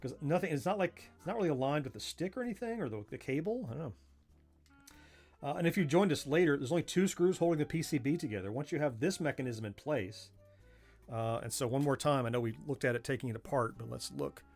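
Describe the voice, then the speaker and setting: With a fairly high, animated voice of darkish tone and a quick pace, a Southern-accented livestream host takes apart a joystick while faint music plays. Born in southern Florida to a family from Missouri, he's folksy and self-mocking, chuckling and working through his thoughts out loud.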